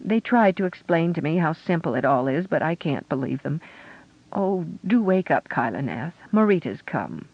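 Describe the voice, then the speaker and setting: A man voicing a flustered, fretful woman dragonrider who pleads in a quavering, high voice. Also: sing-song, moderate pace. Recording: dull lo-fi audio.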